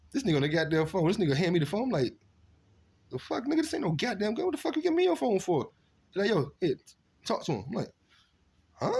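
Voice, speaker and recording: A man casually telling stories from his past, animated and profane, acting out what people said. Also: fairly high pitch, husky. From Virginia. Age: adult. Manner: animated, profane street storytelling with acted-out quotes. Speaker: storyteller recounting his past. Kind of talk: casual storytelling monologue.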